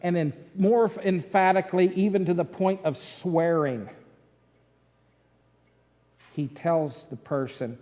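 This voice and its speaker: A male pastor, preaching a sermon as dramatic storytelling that swings between loud and hushed. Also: a little high, slow, long pauses, in a large hall. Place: church sanctuary.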